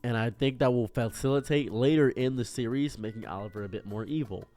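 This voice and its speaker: A man streamer giving excitable, rambling casual commentary on a show he loves. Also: mid-range voice, brisk, faint music behind.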